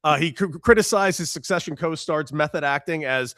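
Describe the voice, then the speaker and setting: A man co-hosting a casual sports talk show, excitable and quick to laugh as he reads out items. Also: on the high side, no room sound, clean studio sound.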